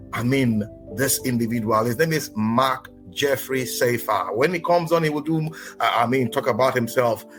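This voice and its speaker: A man's voice: medium pitch, fairly bright tone. A man from Nigeria hosting a podcast, chatty, often repeating and restarting his words. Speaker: podcast host. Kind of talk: casual interview podcast.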